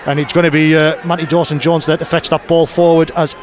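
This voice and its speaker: A man on live rugby league play-by-play for radio, calling every pass and tackle as it comes. His voice sits a little high for a man. The broadcast audio is dull and lo-fi. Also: little pitch movement. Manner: rapid, names each pass and tackle.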